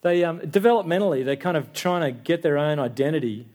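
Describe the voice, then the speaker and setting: Preaching in church, a man in his thirties talks to the congregation in a chatty way, regularly asking things like "yeah?" to check in. He speaks briskly, with a fairly high, slightly mellow voice and lively intonation.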